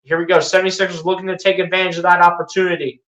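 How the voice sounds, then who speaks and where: An excitable fan calls basketball play-by-play live with a bright, forward tone. The voice rings in a roomy, echoey space. Calm calls keep turning into sarcastic jabs and pleading outbursts. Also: medium pitch, rapid-fire. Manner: excitable, rises into sarcastic rants and pleas.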